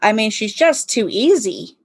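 A woman's voice: fairly high pitch, lively intonation, a little slow, slightly rough, no room sound. Casting: woman co-host, thoughtful and conversational, dry close mic. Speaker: podcast co-host. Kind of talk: casual book discussion.

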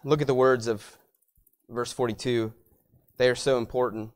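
A man preaches as a pastor with fairly even intonation and a moderate pace. Still, he rises to loud, emphatic peaks, drops into quiet low asides, and repeats words while building his points.

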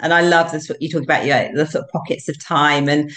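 A woman's voice: sits low, steady tone, quick pace, fairly bright tone, roomy sound. A woman hosting a podcast interview, affirming and reflective, laughing easily. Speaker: podcast host.

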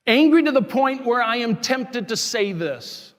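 A man's voice: extremely high pitch, lively intonation, unhurried, a bit bright. A man, a parish priest, preaching an impassioned sermon full of rhetorical questions and declared righteous anger. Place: large church. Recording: long church reverb.

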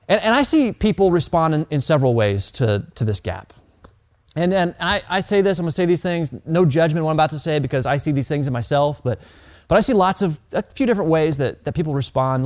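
A man's voice: fairly high pitch, darkish tone. A man in his thirties preaching a sermon in a conversational, earnest way, often restarting and repeating words. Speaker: pastor.

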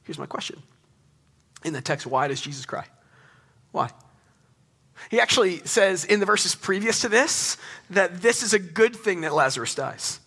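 Young guy pastor preaching, high bright voice, earnest and chatty, keeps asking the room questions. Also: animated, moderate pace, pauses often, slightly rough. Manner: earnest, conversational preaching with rising emphatic questions. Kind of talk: sermon.

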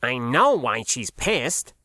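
A man's voice: mid-range voice, big pitch swings, takes it slowly, bright, forceful tone, no echo, clean studio sound, exaggerated voice. A man voicing a younger male cook who sounds sheepish and defensive in an audiobook. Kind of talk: audiobook character voice.

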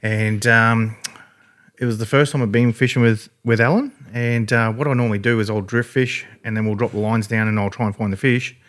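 An Australian man, guesting on a podcast, tells a casual story in a rambling, laid-back way and swears freely. His voice is on the low side, steady and a bit bright, and he talks a little fast.

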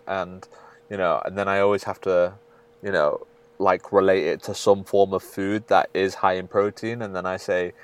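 A man's voice: sits low, steady tone, normal speed, clean tone. A British man co-hosting a podcast as a fitness coach, chatting casually and laughing easily. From United Kingdom. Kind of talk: casual chat.

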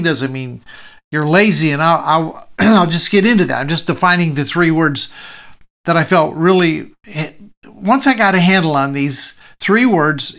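A man preaching a sermon, his voice sitting a little high for a man. He talks in a relaxed, conversational way and keeps circling back to the same phrases to drive them home. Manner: repeats key phrases for emphasis, conversational. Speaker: pastor.

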